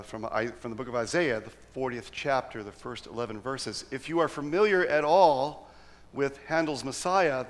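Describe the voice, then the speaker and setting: A man preaching in church, who reads scripture solemnly and talks through his points in a halting way with restarts. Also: medium pitch, long reverb tail. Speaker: pastor. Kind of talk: sermon with scripture reading.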